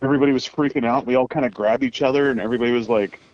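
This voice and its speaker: A man's voice: mid-range voice, racing, no room sound, muffled recording. A man chatting casually on a group podcast, telling stories with lots of laughter. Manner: laughing, excitable storyteller.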